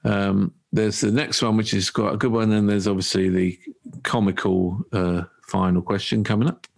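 A man's voice: lowish voice, normal speed, vocal fry. A man hosting a casual chat, telling stories and laughing often. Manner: laughs often, lively storytelling. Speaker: podcast host.

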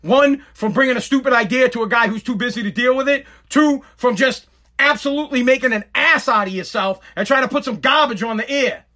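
A man telling a story in a casual, animated rant, acting out quotes and swearing freely. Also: very high-pitched, a little fast. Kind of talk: casual ranting monologue.

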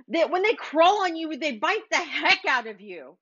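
This podcast host's voice is high-pitched and sharp, with big pitch swings, a moderate pace and hardly any pauses. She runs a motivational business show, preachily urging her audience and repeating herself. The lo-fi audio is slightly dull.

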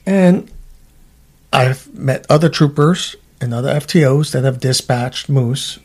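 A middle-aged man, a former trooper, telling stories in a casual chat, animated and swearing, acting out what people said. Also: mid-range voice, unhurried, slightly rough. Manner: animated storyteller, swears, acts out quotes.

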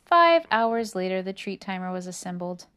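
A woman reads a picture book aloud to a child in an expressive voice of middle pitch. She pauses for friendly, chatty asides between pages. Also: smooth. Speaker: reader to a child.

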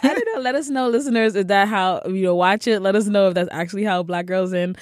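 A woman's voice: medium pitch, fast talker, no echo, studio quality. A woman co-hosting a podcast in casual chat, enthusiastic and rambling with lots of "like.". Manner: enthusiastic, rambling, many "like"s and laughs. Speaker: podcast regular, co-host.

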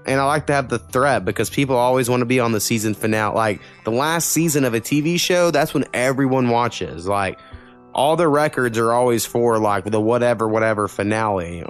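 Male podcast co-host, mid pitch, blunt and profane, ranting in quick bursts over faint music. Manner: blunt, swears a lot, talks in quick bursts. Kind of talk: casual podcast chat.

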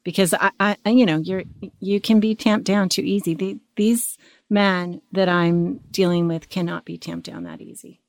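A woman hosting and coaching, animated and stammering as she plays a wife in a role-play and gives advice. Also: on the low side, moderate pace, no echo. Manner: stammering, animated, often restarting her words. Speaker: host and relationship coach.

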